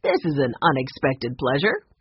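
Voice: mid-range voice, huge pitch swings, normal speed, a little hiss or hum. A reader voicing a courteous, kindly man who owns a carousel, in a storybook reading. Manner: warm, courteous. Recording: muffled lo-fi audiobook recording.

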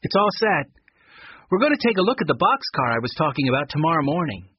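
Man reading cheerful young actor, lifted pitch, husky, storybook. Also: big pitch swings, fast, dry recording, highs cut off.

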